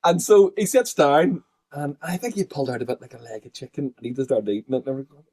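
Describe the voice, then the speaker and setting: A man's voice: on the high side, fast talker. A middle-aged man, chatting casually and acting out the people in his stories. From Northern Ireland. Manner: animated storyteller, acts out quotes. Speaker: podcast guest. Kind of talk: casual chat, storytelling.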